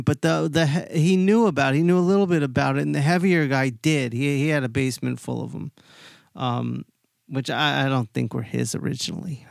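A man's voice: mid-range voice, creaky, smooth, no room sound, studio quality. A man telling a personal story in a casual, rambling way, with many restarts and quotes he acts out.

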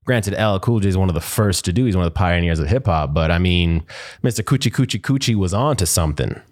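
A man with a slightly low voice hosts a casual clip-reaction show. He talks in a relaxed, rambling way, full of fillers and restarts. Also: fast talker. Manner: laid-back, rambling with many fillers. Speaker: host. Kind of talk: casual commentary on clips.

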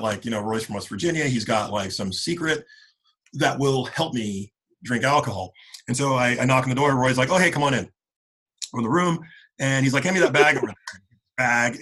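Husky guy, late 40s, rambly storytelling with old buddies, lots of "like". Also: mid-range voice, rough recording. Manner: acts out friends' lines in animated voices. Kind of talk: casual storytelling among old friends.

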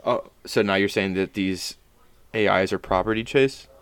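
A man's voice: lowish voice, moderate pace, smooth, no room sound. A young man co-hosting a podcast, teasing and joking in casual banter. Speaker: podcast co-host.

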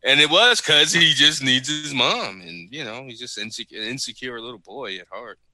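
A man co-hosting a casual podcast chat about a TV show, expressive and sharing personal anecdotes. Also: medium pitch, moderate pace, dry recording.

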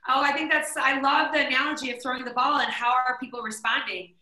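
A woman's voice: high-pitched, steady tone, fast, pushed and bright, roomy sound, rough recording. A woman podcast host, effusive and enthusiastic, reacting to a guest and reading out listener questions. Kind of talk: casual podcast chat.

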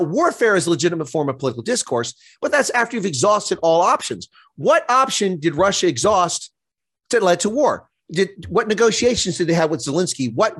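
A man speaking as a political interview guest, indignant and impassioned. His voice sits a little high. He hammers his points home with emphasis. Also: a bit bright, breathy edge, no room sound. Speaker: guest commentator.

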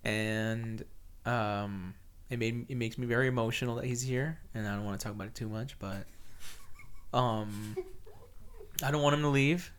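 A man's voice: medium pitch, moderate pace, clean tone. A man hosting a podcast in casual chat, teasing his friends and laughing often. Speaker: podcast host.

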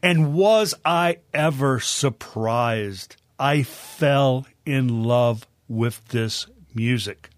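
An older man hosting a music show, introducing songs in an unhurried, folksy, chatty way. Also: medium pitch, dry recording. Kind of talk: casual spoken introduction of music.

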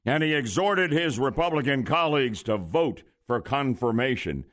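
A man's voice: medium pitch, lively intonation, normal speed, fairly bright tone. A man hosting a talk radio show, emphatic and opinionated, taking calls in a studio. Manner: emphatic, takes caller questions.

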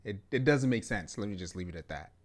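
A man's voice: lowish voice, expressive, fast talker. A young man co-hosting a podcast, talking casually and emphatically, often repeating "yeah" and "to be honest". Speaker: podcast co-host. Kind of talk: casual chat.

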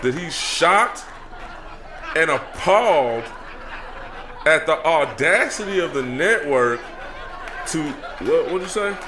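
A man playing a brash, cocky comedic talk-show persona, ranting loudly with profanity and laughing through his lines. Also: on the high side, lively intonation, slow pace, pauses often, crowd noise, noisy background. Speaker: segment host. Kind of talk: comedic in-character rant.

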